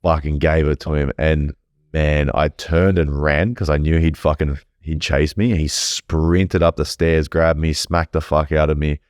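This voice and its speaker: Male guest, very low voice, candid and foul-mouthed, dry close-mic sound. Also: steady tone, a little slow, darkish tone, no echo. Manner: swears freely, rambling and candid. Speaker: podcast guest. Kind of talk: casual storytelling.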